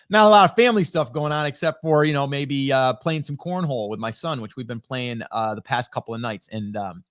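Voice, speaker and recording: A middle-aged man hosts a live stream in a medium-pitched, fairly bright voice, rambling casually with lots of fillers and restarts. Every so often he reads viewer comments aloud. The sound is studio quality from a studio dynamic microphone, with no echo.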